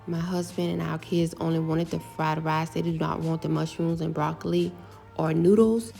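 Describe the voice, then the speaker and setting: A middle-aged woman casually talking through her home cooking step by step, relaxed and chatty. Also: low voice, moderate pace, gravelly, soft background music. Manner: relaxed, step-by-step explaining with fillers.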